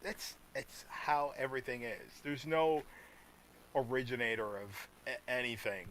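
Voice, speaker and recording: A man's voice: medium pitch, fairly even intonation, unhurried, fairly bright tone, a little hiss or hum, rough recording. An American man co-hosting a podcast, chatting casually in a rambling way and laughing often. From United States. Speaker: podcast co-host. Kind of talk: casual chat.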